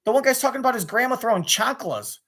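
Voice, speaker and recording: A man's voice: very high-pitched, expressive, a bit bright. A man ranting angrily about being cut off as a sports radio caller, swearing and restarting his sentences. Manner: rapid, restless, with many restarts and swearing. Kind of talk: angry profane rant to camera.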